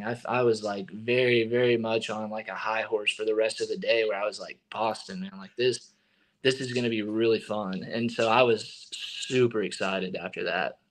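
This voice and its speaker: A young man, a baseball pitcher being interviewed, telling a story in a relaxed way full of fillers and restarts. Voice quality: relaxed, filler-heavy with many likes and restarts. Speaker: guest, baseball relief pitcher.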